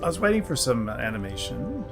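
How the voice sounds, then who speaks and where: A man's voice: mid-range voice, very animated, a little fast, vocal fry, over music. A man co-hosting a movie reaction video, mostly giving brief remarks and agreement. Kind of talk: casual movie reaction chat.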